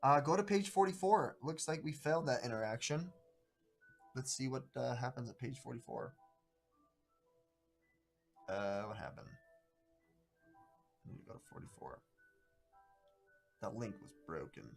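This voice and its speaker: A man hosting a live stream of a solo tabletop adventure, chatting casually in a rambling, halting way. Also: mid-range voice, lively intonation, gravelly, soft background music. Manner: rambling, halting, greets viewers by name.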